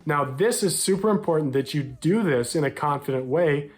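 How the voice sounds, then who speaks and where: Upbeat and direct, a young American man coaches men on dating while addressing the viewer and acting out short quotes. He speaks at a moderate pace with a fairly high pitch and lively intonation.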